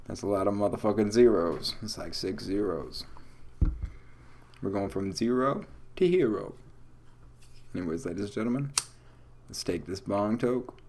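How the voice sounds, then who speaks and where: A man's voice: on the low side, normal speed, pauses often, a little mellow, slight background noise. A young man hosting a casual solo podcast at home, talking in a rambling, profane, laid-back way while stoned. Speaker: podcast host. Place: home room with lights off.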